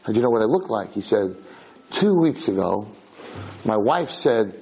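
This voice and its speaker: A middle-aged American man, a rabbi, giving an animated storytelling lecture and acting out the people in his story. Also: fairly low pitch, normal speed, husky, rough recording.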